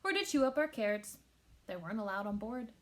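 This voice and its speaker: A woman reading a children's picture book aloud with expressive storytelling. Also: mid-range voice, a little fast. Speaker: teacher.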